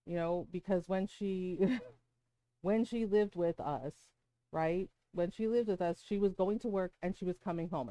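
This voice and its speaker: A woman's voice: on the low side, mellow, no room sound, poor audio. Heated, profane middle-aged woman streamer. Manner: heated, profane, rhetorical "right?" asides. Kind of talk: casual storytelling while gaming.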